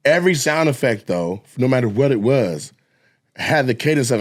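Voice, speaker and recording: A man's voice: medium pitch, expressive, moderate pace. A man, a comedian and podcast co-host, telling a profane, laugh-filled story and acting out voices and sound effects.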